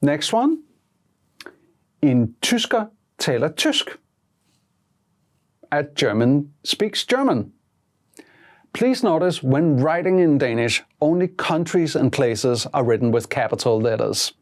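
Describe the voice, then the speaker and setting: A teacher giving a scripted language lesson, prompting in a measured way and repeating each answer twice. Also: mid-range voice, very animated, darkish tone.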